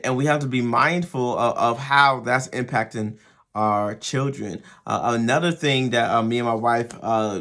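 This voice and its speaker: Hosting a show for fathers, a man walks through his advice casually, repeating words and frequently checking in with "right?". His voice is mid-range with a fairly bright tone.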